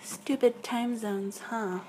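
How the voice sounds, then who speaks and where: A woman in a whispered role-play as a girlfriend on a video call, talking softly and affectionately and often dropping to a whisper. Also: a little high, slight background noise.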